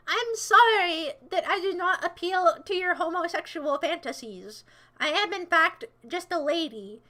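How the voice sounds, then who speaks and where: Very high, bright American woman streamer. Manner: sarcastic, rambling, playfully scolding. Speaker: livestreamer. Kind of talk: casual livestream chat, answering chat.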